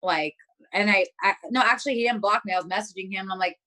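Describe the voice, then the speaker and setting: A woman's voice: mid-range voice, fast, sharp tone. A young woman talking as an interview guest, telling a story bluntly with lots of swearing and filler words. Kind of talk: casual chat.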